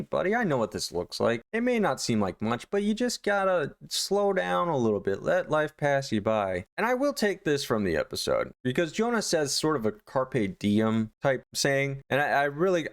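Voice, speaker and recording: A man giving casual review commentary, sarcastic and exasperated. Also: medium pitch. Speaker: horror anthology reviewer.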